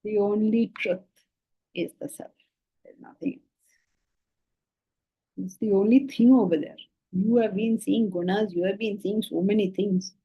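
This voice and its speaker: A woman from India, teaching a spiritual class on scripture in an animated, questioning way. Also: mid-range voice, a little slow, pauses often, breathy edge, low-quality recording. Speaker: Vedanta teacher.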